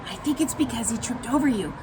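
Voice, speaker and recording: A nosy animal neighbor in a storybook who can't stop pointing out his friend's grumpiness, as a woman puts him on. Chatty and tattling, pitched high with a bouncy, lively lilt. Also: quick pace, background noise, lightly acted. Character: fussy neighbor animal, meddling gossip.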